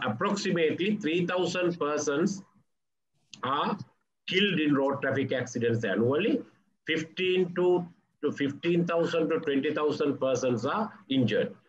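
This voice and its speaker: Brief: Sri male police official, formal talk, hesitant, muffled audio with light noise behind. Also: mid-range voice. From Sri Lanka. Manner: halting, formal delivery full of uh fillers. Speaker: police official giving a presentation. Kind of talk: formal conference presentation. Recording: dull lo-fi audio with faint background noise.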